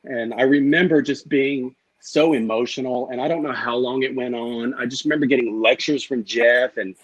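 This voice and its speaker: In an interview, a middle-aged male guest candidly recounts an emotional story, swearing freely and acting out the exchanges he quotes. His voice sits at medium pitch with a steady tone and moderate pace, though the recording is muffled.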